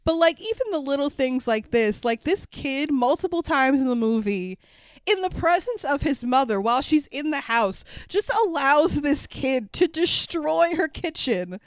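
Animated, sarcastic woman, fairly high voice. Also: normal speed, no room sound, studio quality. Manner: animated, sarcastic, swears freely, acts out quotes. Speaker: podcast co-host. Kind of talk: casual movie review chat.

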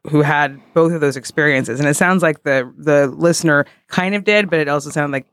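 A woman's voice: deep voice, fairly quick, no room sound, clean studio sound. A woman co-hosting a podcast in casual chat, wry and hesitant with stammering restarts. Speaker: podcast co-host.

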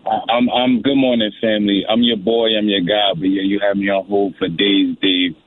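A man's voice: lowish voice, flat delivery, normal speed, no echo. A man calling in to a radio show, rambling with stammering restarts. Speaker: caller. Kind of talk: call-in radio chat. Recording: tinny phone line.

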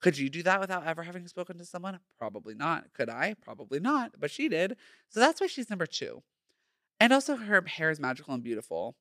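A man's voice: fairly high pitch, very animated, quick pace, bright, forceful tone, no echo, clean studio sound. A young man hosting a casual solo podcast, sassy and playful, full of slang. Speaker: podcast host.

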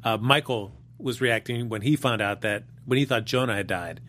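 A man co-hosting a soap opera chat show, talking in a measured, analytical way. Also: fairly low pitch, a bit bright. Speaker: co-host. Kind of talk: casual chat.

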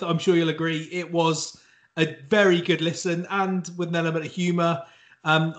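A man's voice: a little high, fairly bright tone. Jokey West Country man hosting. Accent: West Country English. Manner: jokey, rambling, self-mocking. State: a bit tipsy. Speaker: podcast host. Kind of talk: casual banter.

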